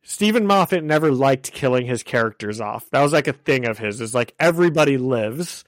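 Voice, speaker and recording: A young man co-hosting a podcast, recapping a show in an excited, rambling way full of "like". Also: mid-range voice, brisk, no echo. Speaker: podcast co-host. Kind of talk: casual chat.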